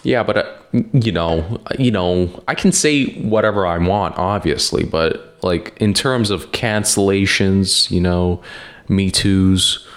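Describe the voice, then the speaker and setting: A man's voice: deep voice, slow. A man hosting a podcast in casual chat, rambling and hesitant with lots of fillers and casual swearing. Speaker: podcast host.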